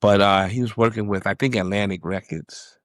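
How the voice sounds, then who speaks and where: A man from New York, a music producer guest, calmly recalling stories in a casual interview. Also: on the low side, brisk, no room sound, studio quality. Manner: laid-back, reflective recollection.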